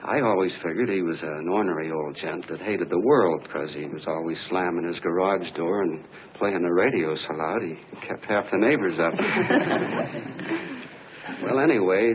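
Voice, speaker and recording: An actor playing a chatty, earnest middle-aged soda-fountain clerk who tells a homespun story in a 1940s film. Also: male voice, sits low. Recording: dull 1940s film soundtrack with faint hiss.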